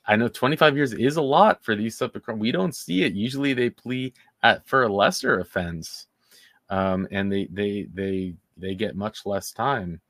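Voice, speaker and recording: A man with a lowish voice talks through a case as a commentary host. He sounds indignant and sarcastic, and he stumbles and restarts his sentences often. The sound is dry and close, with no room around it. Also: moderate pace, a bit bright, no echo. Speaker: true-crime commentary host. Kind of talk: casual commentary.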